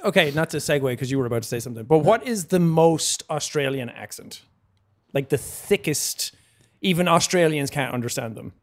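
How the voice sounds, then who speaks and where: Brief: animated, jokey co-host, lively swings in pitch, playful swearing. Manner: jokey, swears, quick voice bits. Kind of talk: casual chat.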